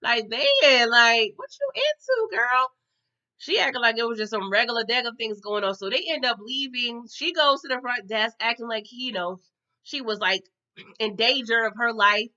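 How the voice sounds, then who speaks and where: A woman talks through a TV episode recap in a loose, slangy, chatty way, calling her viewers y'all and tagging her lines with okay. Her voice sits a little high and sounds bright and forceful. The recording is dull and lo-fi. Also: brisk. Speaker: TV recap vlogger.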